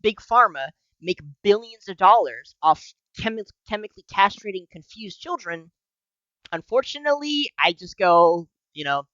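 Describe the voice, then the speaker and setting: Bright-voiced man, profane podcast talk. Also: high-pitched, moderate pace, dry recording, lo-fi sound. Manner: profane, animated, laughs often. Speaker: podcast co-host. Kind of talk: casual political podcast chat.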